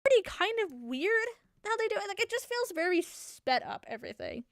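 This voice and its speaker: High, lively young woman chatting. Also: fairly quick, dry recording, clean studio sound. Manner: animated, rambling, laughs often. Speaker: solo talk show host. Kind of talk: casual chat. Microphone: desk microphone.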